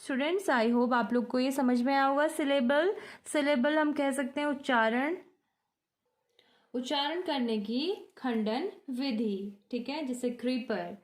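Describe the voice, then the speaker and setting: An Indian woman English teacher with an Indian English accent, slowly repeating words to count syllables and mixing Hindi with English in a recorded lesson. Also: high voice. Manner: slow, drawn-out word repetition and clapping out syllables.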